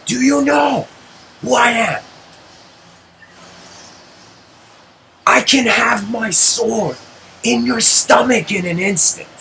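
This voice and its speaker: A man voicing an enraged warlord who shouts threats in a storytelling lecture. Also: fairly high pitch, fast, a little hiss or hum, pitched above the performer's own voice. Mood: raging. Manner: shouting, menacing.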